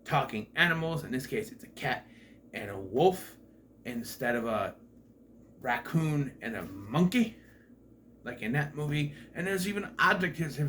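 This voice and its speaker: A man's voice: medium pitch, fairly bright tone, slight background noise. A man giving a casual movie review in a sarcastic, profane, exasperated way.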